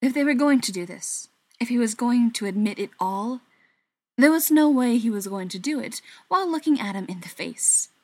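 Soft-spoken woman reading a story. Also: fairly high pitch, lively intonation, normal speed, no echo. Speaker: narrator.

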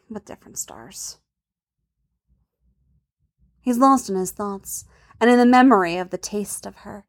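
Female narrator for an intimate story reading: soft, hushed, mid pitch. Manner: soft, intimate, often dropping to a hush. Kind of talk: reading an adult fan fiction story.

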